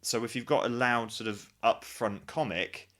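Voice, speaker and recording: Bright-voiced man chatting as a guest. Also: medium pitch, steady tone, normal speed. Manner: chatty, thinks aloud with many restarts. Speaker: guest, pantomime actor. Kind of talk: casual interview chat.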